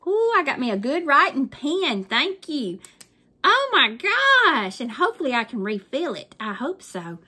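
A woman's voice: a little high, sing-song, normal speed, few pauses, pushed and bright, slightly rough. An older woman with a Southern US accent, chatting casually and gushing through a craft unboxing with folksy phrasing. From Southern United States. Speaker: crafting YouTuber.

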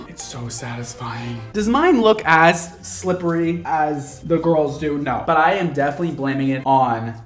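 Man, hairstylist, chatty vlog talk, animated pitch, roomy echo, faint music. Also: moderate pace, few pauses. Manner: chatty, self-mocking, exclaiming. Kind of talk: casual vlog chat.

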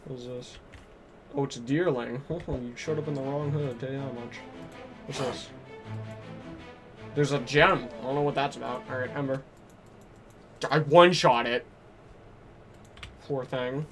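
A man streaming a game live, chatting excitably, muttering to himself and to his chat. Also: medium pitch, a little slow, long pauses, over music. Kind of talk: live gameplay commentary.

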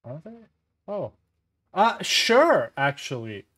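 A game master running a tabletop game, with an apologetic manner and quick to laugh. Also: mid-range voice, very animated, fairly bright tone, breathy edge.

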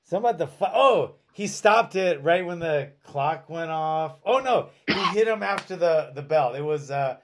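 A man hosting a podcast, chatting casually and excitably and swearing freely. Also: fairly high pitch, normal speed, hardly any pauses. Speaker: podcast host.

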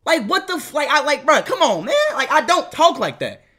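Loud excitable young streamer man. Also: extremely high pitch, brisk. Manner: loud, excitable, swearing, sudden shouts. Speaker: livestreamer. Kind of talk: live reaction stream.

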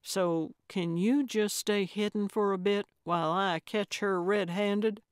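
A woman voicing a feisty, self-assured older female sleuth, brash and excitable, in a storybook reading. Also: medium pitch, slow pace, no echo, clean studio sound, lightly acted.

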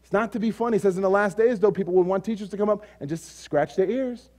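A man preaching from the pulpit in a high-pitched voice. He builds rhythmic runs of repeated phrases, then falls back to hushed, low-pitched asides. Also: fast. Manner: emphatic preaching that swings between loud declarations and quiet, low asides. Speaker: pastor. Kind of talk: sermon.

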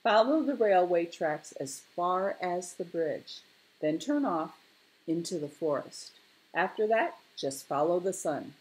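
A woman's voice: fairly low pitch, expressive, takes it slowly, a little mellow, rough recording. A woman voicing a huge, wise female snowy owl in a storybook, helpful and hooting.

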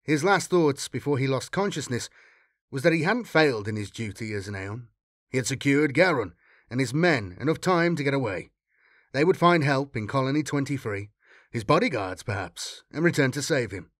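A man giving a measured, dramatic fan reading of a science-fiction story. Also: mid-range voice, expressive, a bit bright, no echo, clean studio sound. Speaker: audiobook reader.

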